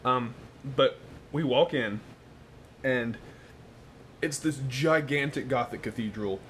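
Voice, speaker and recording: A young man in casual chat, telling a story with animated bursts and loud laughing exclamations. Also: mid-range voice, slow, a little hiss or hum.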